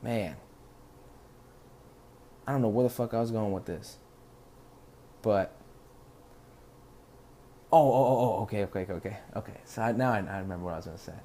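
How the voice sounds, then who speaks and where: A man's voice: lowish voice, moderate pace, long pauses, warm tone, slight background noise. A man hosting a podcast, telling stories in a rambling, profane, laid-back way. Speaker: podcast host. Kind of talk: casual rambling monologue.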